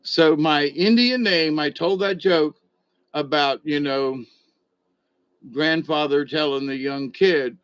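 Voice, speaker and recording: A man's voice: on the high side, takes it slowly, fairly bright tone, clear, resonant tone, no room sound. A man telling a rambling comic story in a casual way, chuckling and acting out other people's voices as he goes. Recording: dull lo-fi dry recording.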